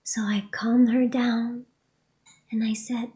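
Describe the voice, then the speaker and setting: A woman, a spiritual teacher, telling a personal story in a soft voice that often drops to a whisper. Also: a little high, little pitch movement, slow pace, pauses often.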